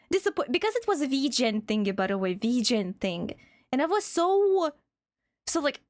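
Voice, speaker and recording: A woman's voice: sits high, big pitch swings, normal speed, a little mellow, dry recording, clean studio sound. A young woman with a Russian accent, a VTuber chatting casually on a livestream, reading chat aloud and laughing often. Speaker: VTuber streamer.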